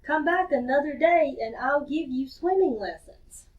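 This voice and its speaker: A woman voicing a gruff but kind male beaver in a storybook reading. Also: sits high, expressive, measured pace. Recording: distant dull lo-fi recording.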